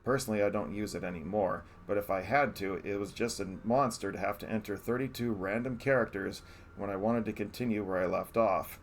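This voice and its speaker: A man's voice: fairly low pitch, brisk, slight background noise. A man reading out his review of a favourite retro game on a live stream, earnest and often restarting his sentences. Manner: earnest, self-correcting restarts.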